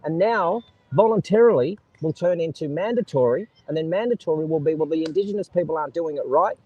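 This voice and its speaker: A man's voice: a little high, quick pace, dark tone, breathy edge, no echo, lo-fi sound. An Australian man hosting an outdoor live stream on a beach, talking straight to his viewers and sharing firm opinions in casual commentary. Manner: opinionated, talks straight to viewers and reads out chat.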